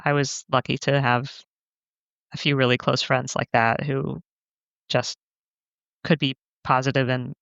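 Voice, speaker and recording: A candid woman speaking as a podcast guest, her voice gravelly with fry yet smooth and resonant. She is recorded close and dry over slightly dull, lo-fi remote audio. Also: extremely low pitch, level tone, unhurried, pauses often, fairly bright tone, dry recording. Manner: candid, laughs easily, acts out quoted remarks. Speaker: guest author. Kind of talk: reflective podcast conversation.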